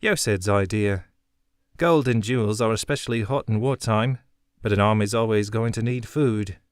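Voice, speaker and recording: A man's voice: fairly low pitch, normal speed, smooth, dry recording, clean studio sound, natural voice. A man voicing a shrewd, wry young woman smuggler who talks in a chipper, blunt way.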